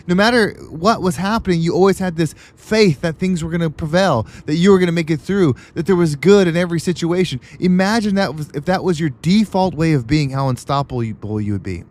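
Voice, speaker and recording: A man's voice: a little high, fairly quick, hardly any pauses, darkish tone. A man hosting a podcast, delivering an emphatic, repetitive motivational monologue. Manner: emphatic, repetitive pep-talk cadence. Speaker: podcast host.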